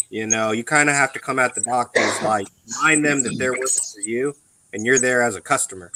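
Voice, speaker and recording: A man speaking at an ordinary middle pitch in loose, rambling casual chat. He gets blunt and swears freely, pausing often on ums. A faint hiss sits under the voice. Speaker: veteran on a live radio chat.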